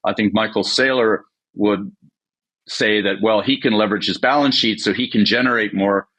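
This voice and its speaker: A middle-aged man, a company CEO, explaining markets in a measured way with frequent fillers in a business interview. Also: fairly low pitch, fairly bright tone.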